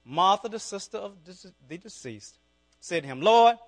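A man's voice: sits high, expressive, moderate pace, pushed and bright. Southern man preaching a fervent sermon. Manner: preaches with rising, fervent calls and asides to the congregation. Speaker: pastor.

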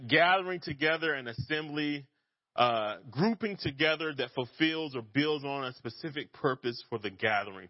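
Guy preaching a laid-back sermon, jokes around, flat dry muffled audio. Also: medium pitch, dry recording. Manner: casual and self-deprecating, laughs at himself. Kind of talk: conversational sermon.

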